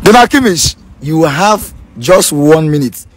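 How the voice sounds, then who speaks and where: Nigerian man vlogger, playful and teasing, speaks a little high. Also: animated, unhurried. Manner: teasing, joking, mixes in Pidgin. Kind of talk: casual vlog chat.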